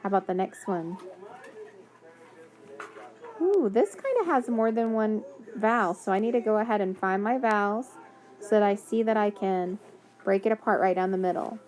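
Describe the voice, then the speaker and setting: A woman's voice: medium pitch, moderate pace, pauses often, a little mellow. A woman teaching a phonics lesson to young children, patiently sounding out words and praising answers.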